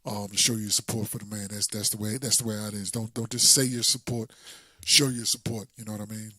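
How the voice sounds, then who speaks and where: A man's voice: on the low side, steady tone, a little fast, bright, forceful tone, breathy edge. A man hosting an interview show, chatting casually and easygoing, often repeating himself. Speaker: host.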